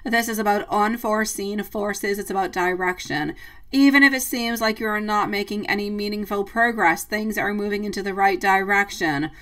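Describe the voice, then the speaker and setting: Bright-voiced woman giving a tarot reading. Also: medium pitch, fairly even intonation, normal speed, recorded from a distance, rough recording. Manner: chatty and affectionate, calls listeners sweetie and love; playful, breaks into laughter. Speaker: tarot reader. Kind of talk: live-streamed tarot reading.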